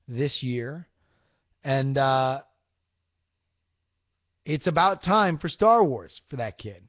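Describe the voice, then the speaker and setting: A young man with a slightly high voice hosts a casual live podcast, answering the chat. He rambles and swears as he works himself into excited rants. The audio is dry and close, with a dull lo-fi tone. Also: dry recording. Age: young adult. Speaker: podcast host.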